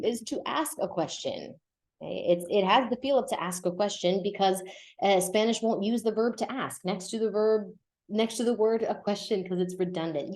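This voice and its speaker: A woman's voice: mid-range voice, a little mellow. A woman teaching a Spanish lesson on a podcast, explaining patiently, often checking in with "okay?" and moving between English and Spanish.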